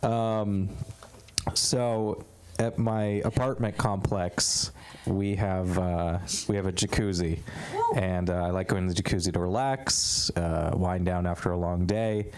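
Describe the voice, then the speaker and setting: A man at an open mic telling a stand-up story, unhurried, with frequent ums and pauses. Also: low voice, steady tone, background noise. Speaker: stand-up comic.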